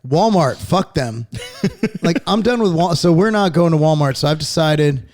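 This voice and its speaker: This podcast host is a man in his forties with a fairly high-pitched voice and a moderate pace. He rants in a loose, animated way, cursing nonstop.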